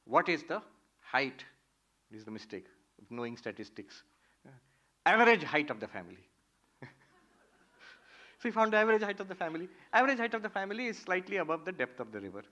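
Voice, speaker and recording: A man, a monk giving a spiritual talk, telling stories in a lively, playful way. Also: on the high side, a little fast, long pauses. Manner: animated, playful storyteller. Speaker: monk teaching Vedanta.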